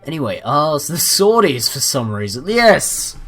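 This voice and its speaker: A man casually commenting on a strategy game as he watches, playful and jokey, with excited outbursts. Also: medium pitch, normal speed, faint music behind. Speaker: gaming commentator.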